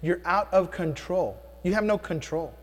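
A pastor with a high voice preaches with emphasis, firing questions at his congregation. His voice rings with a long reverb through the church. He is a young man. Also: normal speed. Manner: emphatic, call-and-response with congregation. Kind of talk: sermon. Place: church sanctuary.

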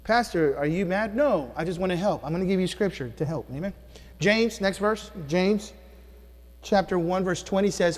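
A pastor with a high voice preaches with emphasis, firing questions at his congregation. His voice rings with a long reverb through the church. He is a young man. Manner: emphatic, call-and-response with congregation. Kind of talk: sermon. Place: church sanctuary.

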